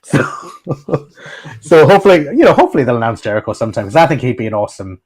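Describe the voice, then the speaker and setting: A man's voice: mid-range voice, sing-song, fast, a little mellow, breathy edge. A man hosting a casual podcast chat, telling stories in a rambling, chatty way. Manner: chatty storyteller, frequent restarts and laughs. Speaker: podcast host.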